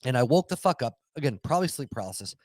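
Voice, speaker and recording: A man's voice: mid-range voice, racing, no echo. A man co-hosting a podcast, swearing a lot as he tells a story in casual chat. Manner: profane, animated storyteller. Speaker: podcast co-host.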